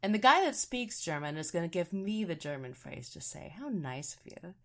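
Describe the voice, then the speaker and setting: Woman podcast co-host, lowish voice, dry humor, soft music behind. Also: very animated, moderate pace, creaky. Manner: dry, self-deprecating. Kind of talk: casual chat.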